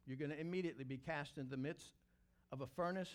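A man voicing an arrogant, angry ancient king who threatens and mocks, pitched lower than his own voice. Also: fast, lightly acted. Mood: threatening. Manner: boastful, mocking.

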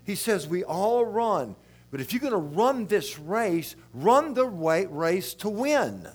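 An older man from South Louisiana with its accent, preaching a sermon in a rambling, folksy, animated way. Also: sits high, takes it slowly.

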